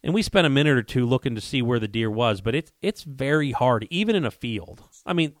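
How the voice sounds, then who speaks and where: Man, mid-pitch, dry close sound, animated storyteller who acts out dialogue. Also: a little fast, no echo. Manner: animated, acts out quoted dialogue, frequent restarts. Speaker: guest telling a hunting story. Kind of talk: casual storytelling on a podcast.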